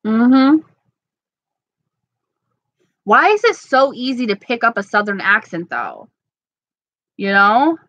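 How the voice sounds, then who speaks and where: Bright, bubbly New York woman. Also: a little high, sing-song, slow pace, long pauses, dry recording, muffled recording. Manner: bubbly, giggly, rambling. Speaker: beauty vlogger. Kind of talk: casual live chat reading comments.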